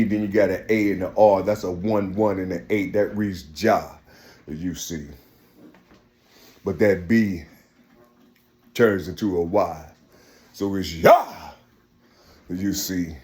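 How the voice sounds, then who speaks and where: A man delivering an impassioned religious monologue as a preacher, emphatic and repetitive, swinging from raised, shouted lines to a low murmur.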